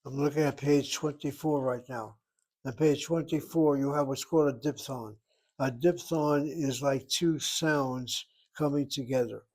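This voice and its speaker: An older man teaching a Hebrew class, patiently explaining and slowly spelling out words. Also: mid-range voice, fairly even intonation, darkish tone. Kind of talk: classroom lesson.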